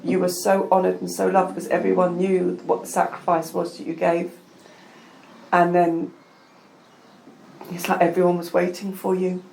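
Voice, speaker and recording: A woman, a spiritual healer, leading a hushed, slow channeled session over a video call and then chatting casually with her client. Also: lowish voice, monotone, gravelly, slight background noise. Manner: soft, slow, hushed incantations. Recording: roomy echo.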